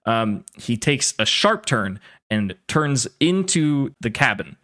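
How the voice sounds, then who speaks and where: A man's voice: mid-range voice, very animated, takes it slowly, fairly bright tone. A man narrating as game master of a tabletop game in a loose, laughing way, with many fillers.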